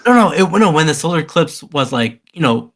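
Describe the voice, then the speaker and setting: A man's voice: fairly high pitch, sing-song, a little fast, a bit bright. A man co-hosting a podcast in casual chat, enthusiastic and loose, often repeating words as he restarts. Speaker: podcast co-host.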